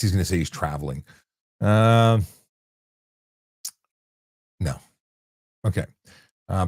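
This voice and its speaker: Low-voiced blunt man answering questions. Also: a little mellow, dry recording, studio quality. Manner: blunt, conversational, lots of restarts and fillers. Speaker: host answering viewer questions. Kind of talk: casual live-stream Q&A.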